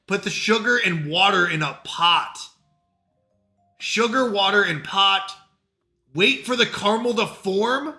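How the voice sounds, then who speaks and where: A man's voice: high voice, bright, forceful tone. A man with a Canadian accent, chatting frantically to himself and his stream while playing a game. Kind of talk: live-stream gameplay chat.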